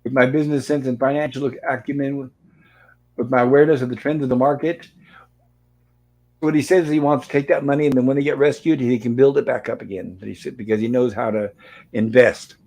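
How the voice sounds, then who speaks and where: A man's voice: medium pitch, fairly even intonation, fairly quick, gravelly, a little mellow, poor audio. A man hosting a show, casually retelling old TV episodes scene by scene, reading the characters' lines aloud and adding dry asides. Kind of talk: casual recap and commentary.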